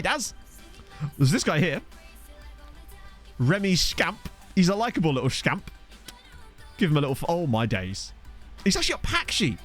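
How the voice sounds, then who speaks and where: A young man giving casual, joking commentary over a football management game, reacting with quick exclamations. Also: fairly high pitch, a bit bright. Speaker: gaming video host. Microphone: desk USB microphone.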